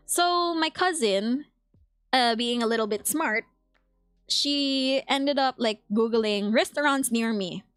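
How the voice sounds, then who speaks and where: A woman's voice: sits high, fairly bright tone, no echo. A young woman with a Filipino accent, chatting casually as a streamer, laughing often and reading chat aloud. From Philippines. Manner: reads chat aloud and answers it.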